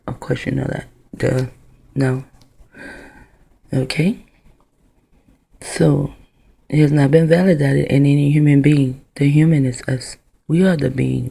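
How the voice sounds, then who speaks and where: A woman's voice: rumbling low, vocal fry, warm tone, husky. A woman talking into her own camera in a rambling, profane vlog monologue that drifts from one idea to the next. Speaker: vlogger.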